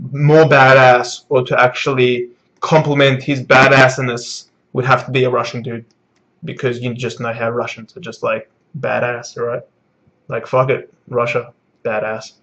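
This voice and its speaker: A man giving a casual live manga reaction in a middle-pitched voice, rambling and swearing with plenty of fillers. The sound is dull and lo-fi, as if from a cheap mic. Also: fairly bright tone. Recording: dull lo-fi recording.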